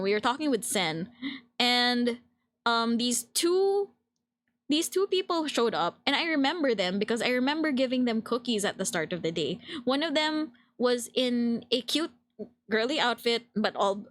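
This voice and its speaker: Giggly high-voiced woman. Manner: giggly, excitable, mixes in Tagalog phrases. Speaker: VTuber streamer. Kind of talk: late-night casual storytelling stream.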